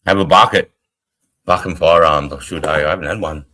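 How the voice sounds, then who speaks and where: A middle-aged Australian army veteran co-hosting a casual live stream, blunt, rambling and heavily profane. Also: male voice, extremely low pitch, fairly even intonation, a little fast, bright, forceful tone. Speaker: livestream co-host, army veteran.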